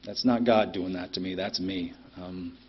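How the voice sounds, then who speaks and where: A man's voice: low voice, steady tone, moderate pace, a little hiss or hum. A middle-aged man telling his story at a recovery meeting in a plainspoken, blunt way, with many ums and some cursing. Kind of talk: personal recovery share. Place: meeting room. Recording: dull lo-fi meeting recording.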